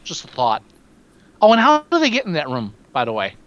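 A man chatting casually about a film, sarcastic, animated and quick to swear. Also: fairly high pitch, dull audio. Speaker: podcast co-host reviewing a film. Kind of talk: casual profane movie chat.

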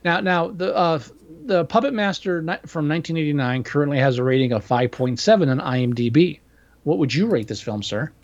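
Swearing guy rambling about direct-to-video horror, kinda high voice, muffled lo-fi sound. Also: expressive, a little fast. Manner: profane, rambling, opinionated. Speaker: podcast co-host. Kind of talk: casual movie review chat.

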